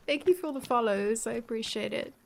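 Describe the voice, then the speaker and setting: A woman's voice: on the high side, creaky, a little hiss or hum. An English woman live-streaming a game, chatting casually, laughing often and swearing freely. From England. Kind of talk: casual live-stream chat while gaming.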